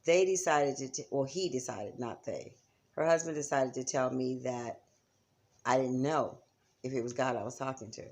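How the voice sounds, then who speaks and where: Her voice is a rumbling low, a little mellow, at normal speed. The woman is a psychic teacher leading a casual, chatty lesson on spiritual practice, frequently checking in with those listening.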